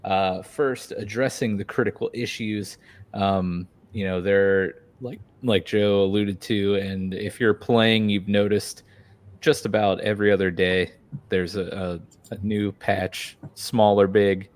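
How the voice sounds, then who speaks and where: A man hosting a casual podcast chat, a bit hoarse from losing his voice, talking loosely with many fillers and restarts. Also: lowish voice, fairly even intonation, measured pace. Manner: rambling, frequent fillers and restarts. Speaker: podcast host.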